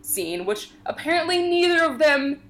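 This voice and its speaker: A woman's voice: sits high, big pitch swings, moderate pace, fairly bright tone, slight background noise. A young woman chatting casually as a podcast co-host. She talks with lots of fillers and playful asides. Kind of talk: casual chat.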